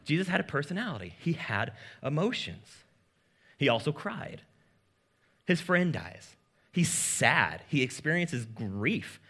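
A man preaching a sermon as pastor, in a casual, joking manner with lively asides. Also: a little high, unhurried, slightly rough.

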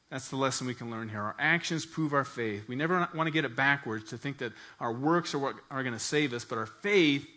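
A man preaching a sermon as pastor, telling a personal story in an earnest, animated way. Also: mid-range voice.

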